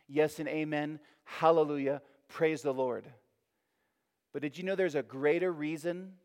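Preacher in a long-reverb hall. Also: male voice, on the high side. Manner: emphatic, rising and falling, repeating phrases for effect. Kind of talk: sermon.

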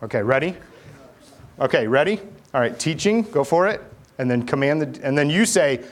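Animated man preaching a sermon. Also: mid-range voice, moderate pace. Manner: animated, acts out voices, asks the crowd questions. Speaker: pastor.

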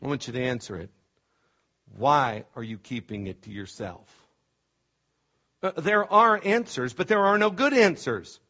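A man's voice: fairly high pitch, moderate pace, sharp tone. A middle-aged man preaching a sermon as pastor, impassioned and emphatic, often stumbling over restarts. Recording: dull lo-fi sermon recording.

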